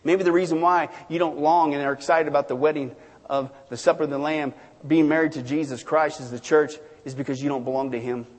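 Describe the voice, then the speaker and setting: A man preaching a sermon as pastor, animated, swinging between sudden shouts and hushed asides, in a church sanctuary. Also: on the high side, a little fast. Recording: long reverb of a large hall.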